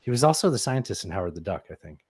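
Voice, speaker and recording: A man's voice: fairly low pitch, big pitch swings, racing, darkish tone, breathy edge. Blunt, sarcastic male podcast co-host. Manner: sarcastic, blunt, talks over partner. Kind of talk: casual debate chat.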